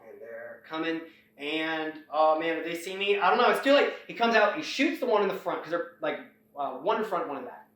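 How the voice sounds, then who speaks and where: A man's voice: fairly high pitch, fairly quick, slight background noise. A man casually retelling a story, rambling along and acting out the characters' lines. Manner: rambling, animated retelling with acted-out quotes. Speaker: host. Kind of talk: casual plot recap. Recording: echoey room, far from the mic.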